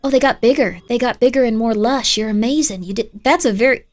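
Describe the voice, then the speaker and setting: A woman with a slightly high voice streams a horror game live and keeps up a playful running commentary. She teases her pet and chats with her viewers between moves. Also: fast talker, darkish tone. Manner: chatty and playful, scolds her pet and banters with chat.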